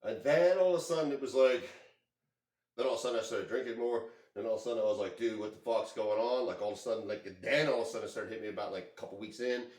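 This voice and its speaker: A man telling a story to his camera in a casual, rambling, excitable way, full of swearing. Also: medium pitch, racing. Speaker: vlogger. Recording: echoey room.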